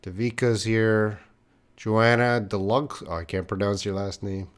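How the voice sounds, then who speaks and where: A man's voice: lowish voice, steady tone, unhurried, smooth. A young man teaching English on a live stream, reading viewers' questions aloud and answering them in an encouraging way. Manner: encouraging, talks straight to viewers, repeats names.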